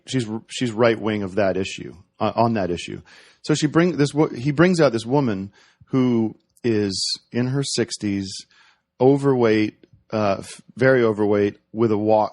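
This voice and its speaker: A man chats on a podcast in a middle-pitched voice. He tells a story and keeps restarting his sentences and correcting himself. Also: moderate pace. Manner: animated storytelling with many restarts. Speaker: podcast guest. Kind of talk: casual podcast chat.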